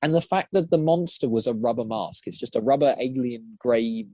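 A man's voice: medium pitch, mellow, no echo. Eager rambling man, podcast guest. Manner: eager, rambling, quick restarts. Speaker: guest, voice actor and prop maker. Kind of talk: casual podcast chat.

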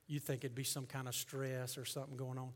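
A male pastor preaching a sermon to his congregation, swinging from hushed tones to loud, fervent passages. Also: medium pitch, little pitch movement, fairly quick. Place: church sanctuary with congregation.

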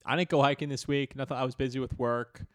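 A young man co-hosting a podcast in casual chat, easygoing and quick with jokes. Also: medium pitch, steady tone, dry recording, studio quality. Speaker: podcast co-host.

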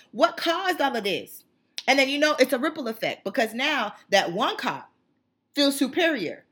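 Fiery bright-voiced woman ranting. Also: high voice. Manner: fiery, emphatic, repetitive. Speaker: channel host. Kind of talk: impassioned monologue.

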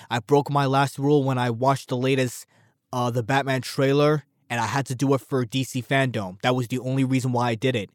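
A man's voice: mid-range voice, dry recording, studio quality. Rambling, swearing male podcast host. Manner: rambling, animated, swears freely. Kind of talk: casual solo commentary.

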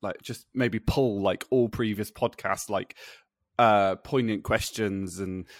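A man's voice: lowish voice, steady tone, takes it slowly, dry recording. Chatty man, dry close sound. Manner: chatty, laughs often, stumbles over words. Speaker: podcast co-host. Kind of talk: casual chat.

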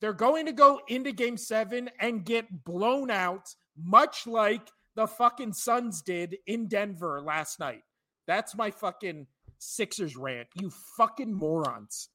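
A man's voice: sits high, expressive, takes it slowly, pushed and bright. A man in his thirties or forties, co-hosting a sports podcast, ranting with profane, exasperated outbursts. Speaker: podcast co-host. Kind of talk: sports rant.

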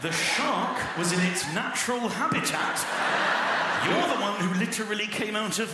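A man performing a stand-up comedy routine, acting out voices and shouting punchlines. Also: sits high, expressive, moderate pace. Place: live comedy venue with audience. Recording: roomy live venue with loud crowd noise. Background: audience laughter.

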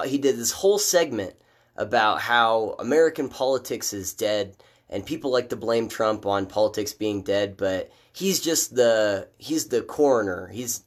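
Guy ranting on his political stream, fired up and fed up, voice jumps up when he's mocking stuff. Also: medium pitch. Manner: animated, exasperated, rises sharply when mocking views. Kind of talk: casual live-stream commentary.

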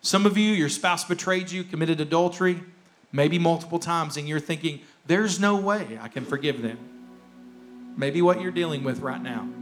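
A man's voice: high-pitched, a bit bright. A male pastor preaching a sermon, emphatic and repetitive, acting out the excuses people make. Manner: emphatic, repeats key phrases, acts out quoted excuses. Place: church.

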